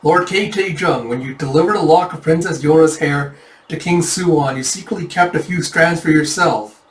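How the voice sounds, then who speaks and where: A man's voice: a little high, moderate pace, lightly acted. A man doing a sly needling older aide. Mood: teasing. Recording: echoey room, mic at a distance.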